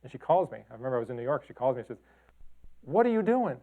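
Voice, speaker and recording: Speaking at a racing pace with vocal fry, this middle-aged man has a mid-range voice. He's a photographer from Chicago and Detroit giving a talk, loosely discussing his photos with lots of fillers and false starts, all through tinny, phone-like audio.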